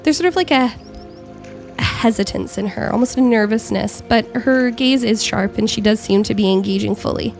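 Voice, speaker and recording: A woman's voice: a little high, normal speed, vocal fry, a little mellow, faint music behind. Woman narrating a tabletop game. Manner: descriptive, with frequent ums and self-corrections. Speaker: game master.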